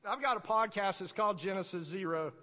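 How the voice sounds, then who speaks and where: A man preaching a sermon as pastor, conversational and animated, acting out voices in his stories. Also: high voice, fairly quick, long reverb tail.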